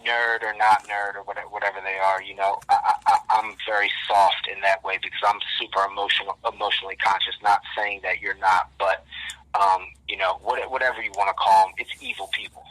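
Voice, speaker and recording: Bright, husky-voiced man talking intensely. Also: on the low side, level tone, fairly quick, low-quality recording. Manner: rambling, intense, many restarts and repeated words. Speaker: podcast guest. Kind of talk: casual podcast conversation.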